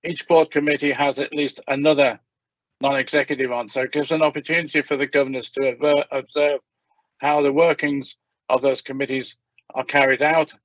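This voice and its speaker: A man with a croaky voice giving a measured, formal presentation at a meeting, with small restarts. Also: mid-range voice, dry recording. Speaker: hospital governor presenting at a meeting. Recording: dull, lo-fi meeting audio.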